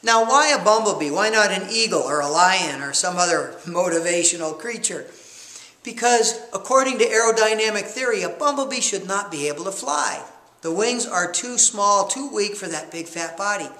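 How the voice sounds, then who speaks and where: A man coaching a leadership course, telling stories with animated energy in a motivational lecture. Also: high voice, moderate pace, roomy sound. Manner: animated storyteller who acts out scenes.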